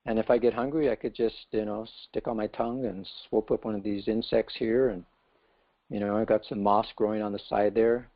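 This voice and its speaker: A man's voice: on the low side, steady tone, a little fast, lo-fi sound, close to an everyday voice. A man voicing a small, contented male frog who boasts about his well and then marvels at the wide world.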